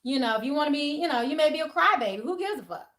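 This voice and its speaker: A woman hosting a spiritual livestream, talking casually and bluntly, animated and profane. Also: sits high, racing.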